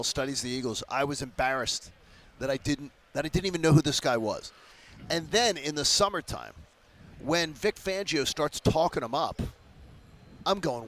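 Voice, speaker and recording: A man in his fifties from the Philadelphia area, a sports radio guest telling stories with animated emphasis in a casual interview. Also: medium pitch. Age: 50s.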